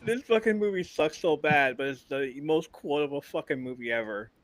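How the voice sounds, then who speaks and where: Podcast co-host, a man with a bright, somewhat high voice, swinging between loud outbursts and mumbled asides in casual profane chat. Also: normal speed. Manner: profane, laughing banter.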